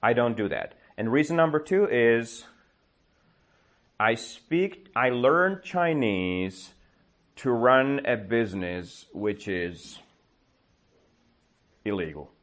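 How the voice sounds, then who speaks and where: A man teaching English, telling a story slowly to a class and checking their understanding with quick questions. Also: medium pitch, lively intonation, fairly bright tone. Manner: slow, exaggerated storytelling with comprehension checks. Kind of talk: storytelling lesson with questions to learners.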